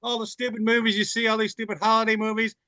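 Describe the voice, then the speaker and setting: A stand-up comic from Chicago whose voice sits high and bright. He rattles off quick setups, recorded dry and close. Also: monotone, no room sound. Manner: quick setups between impressions. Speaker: stand-up comedian. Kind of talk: stand-up impressions set.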